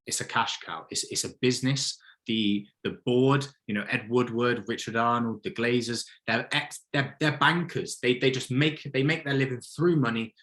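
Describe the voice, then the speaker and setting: A man giving his opinions in a casual football chat, animated and blunt, often acting out what others might say. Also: medium pitch. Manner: opinionated, animated, mock-quotes others in put-on voices. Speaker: podcast co-host, football fan.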